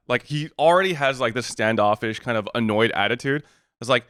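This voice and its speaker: A man's voice: mid-range voice, expressive, fast talker, a bit bright, dry recording, clean studio sound. A man co-hosting a podcast, retelling a story in casual chat, acting out both sides of the exchange and swearing in exasperation. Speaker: podcast co-host.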